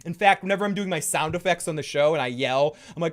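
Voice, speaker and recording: A man hosting a casual, opinionated chat, rambling through restarts and swearing freely. He is playful and keeps dropping into quick impressions. His voice sits on the higher side for a man. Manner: profane and rambling, full of restarts. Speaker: host.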